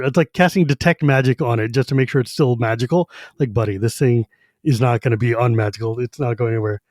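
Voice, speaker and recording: A man co-hosting a casual book podcast, retelling scenes in an animated, laughing, slangy way. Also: mid-range voice, fast, dry recording, clean studio sound. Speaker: podcast co-host.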